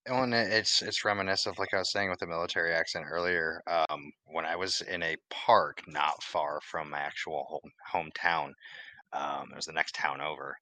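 A man's voice: deep voice, normal speed, dry recording. A man co-hosting a casual podcast chat, telling stories animatedly and swearing freely. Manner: profane, animated storytelling. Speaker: podcast co-host.

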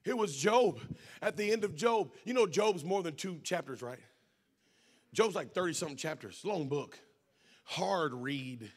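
A man preaching a sermon, telling a story and then building to shouted, fervent preaching. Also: on the high side, expressive, measured pace.

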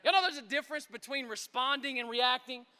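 A male pastor preaching an energetic sermon, stammering and repeating words and often asking "right?" to the congregation. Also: extremely high pitch, fairly quick, clean tone. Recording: echoey large hall.

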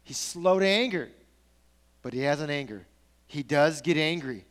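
A man delivers a sermon in a conversational, animated way, moving between storytelling and casual asides to his congregation. His voice sits high for a man. The sound carries the long reverb of a large hall. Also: moderate pace. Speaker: pastor.

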